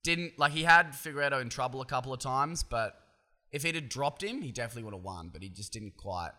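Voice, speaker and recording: A man's voice: mid-range voice, expressive, fast, bright, forceful tone. An Australian man hosting a solo podcast, talking casually in a profane, opinionated, rambling way with frequent restarts. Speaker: podcast host.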